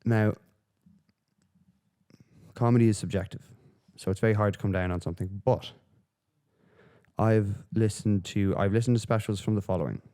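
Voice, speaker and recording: A man's voice: on the low side, fairly even intonation, normal speed, long pauses, dark tone. Rambling, swearing man. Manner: profane, rambling, with frequent fillers. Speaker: podcast host. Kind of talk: casual solo podcast rant.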